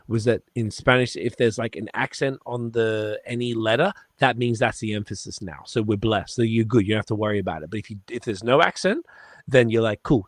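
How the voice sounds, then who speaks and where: A man's voice: medium pitch, no echo, studio quality. A man co-hosting a podcast in casual chat, rambling and swearing freely. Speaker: podcast co-host.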